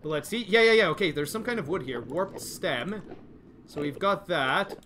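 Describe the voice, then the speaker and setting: A high-voiced man narrates a live game stream, swinging between nervous worry and excitable cheering as he addresses his chat. Steady background noise sits under his voice throughout the recording. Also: normal speed. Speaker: gaming livestreamer. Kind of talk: live gameplay commentary.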